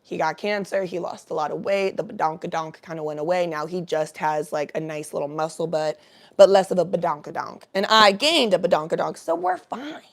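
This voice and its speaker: A woman's voice: on the low side, fairly quick, gravelly. A young woman vlogger telling a story in casual chat, chatty and profane, greeting viewers by name.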